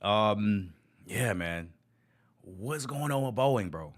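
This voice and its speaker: A man's voice: on the low side, lively intonation, slow pace. A man hosting casual reaction commentary on travel news, slangy and loose, calling everyone bro. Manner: slangy, says bro a lot. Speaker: travel news streamer host. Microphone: desk microphone.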